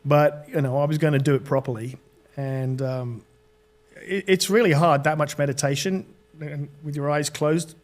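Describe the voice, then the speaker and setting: A middle-aged British man appears as a podcast guest, giving an earnest personal testimony in an interview. His voice is slightly higher, and he stumbles with halting restarts as he tells his story.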